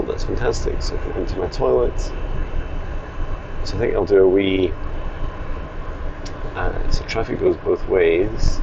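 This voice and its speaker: Deep gravelly man. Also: highs cut off, background noise. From Scotland. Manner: chatty, musing aloud, enthusiastic. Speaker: vlogger. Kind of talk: casual travel vlog. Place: inside a campervan while driving.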